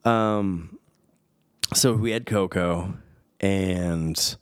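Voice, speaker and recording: A man hosting a podcast, rambling through a home story with tangents and self-deprecating asides. His voice sits very low and deep. The sound is dry and close, with no room around it. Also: extremely slow, smooth, no echo. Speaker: podcast host, father. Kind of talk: casual rambling monologue. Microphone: studio microphone.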